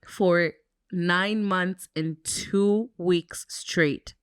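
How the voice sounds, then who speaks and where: Low-voiced woman chatting candidly. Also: steady tone, extremely slow, clean tone, dry recording, clean studio sound. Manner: candid, reflective, fillers like "um" and "like". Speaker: podcast co-host. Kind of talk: casual chat.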